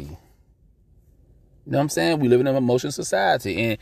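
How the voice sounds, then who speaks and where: A man's voice: medium pitch, fast talker, creaky, no echo. Dude ranting on his podcast, cussing a lot, repeats himself, dry close mic, mid voice. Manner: blunt, profane, animated, repeats himself. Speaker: podcast host. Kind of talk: casual ranting monologue.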